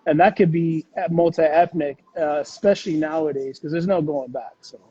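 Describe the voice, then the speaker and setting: A man's voice: on the high side, fairly even intonation, normal speed, warm tone, breathy edge, lo-fi sound. A man talking as an interview guest, rambling with fillers and restarts in casual conversation. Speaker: podcast guest.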